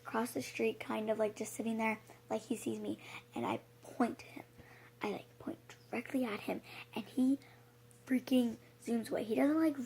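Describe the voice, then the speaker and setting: A woman's voice: a little high, gravelly, a little mellow, slightly rough. A young woman vlogger telling a personal story in a casual, emphatic, breathless way, with frequent fillers and swearing.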